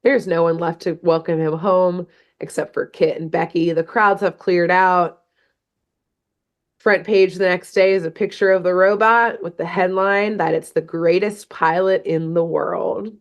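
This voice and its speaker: A woman's voice: fairly low pitch, steady tone, measured pace, dull audio. A woman co-hosting a podcast, casually recapping a cartoon episode in a rambling way, filling her talk with "like" and "um". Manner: rambling, full of "like" and fillers; laughs at her own jokes. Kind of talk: casual chat.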